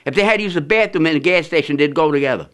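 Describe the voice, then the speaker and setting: A man's voice: on the high side, very fast, a bit bright. A man telling a rambling, funny anecdote, full of fillers and restarts, often breaking into laughter. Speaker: storyteller. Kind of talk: casual anecdote.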